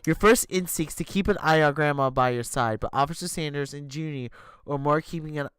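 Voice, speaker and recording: A man streaming live, reading an interactive story aloud in an animated way and tripping over words. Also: on the high side, brisk, clear, resonant tone, no room sound.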